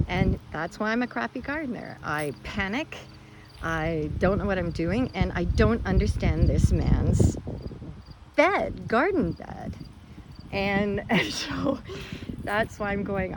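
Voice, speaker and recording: A woman's voice: on the low side, noisy background. A woman vlogging from her garden, talking casually in a rambling, self-deprecating way full of fillers. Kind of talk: casual rambling vlog talk. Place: outdoors in a garden.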